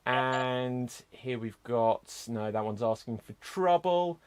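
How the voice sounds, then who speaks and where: A man's voice: mid-range voice, lively intonation, takes it slowly, smooth, faint music behind. A man hosting an improv comedy show, chatting loosely between games with plenty of fillers and asides.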